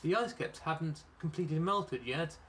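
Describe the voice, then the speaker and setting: A man's voice: a little high, a little slow, fairly bright tone, a little hiss or hum. A man putting on a posh, over-polite driver. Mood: apologetic. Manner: posh upper-class speech, over-polite. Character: posh, apologetic male truck driver.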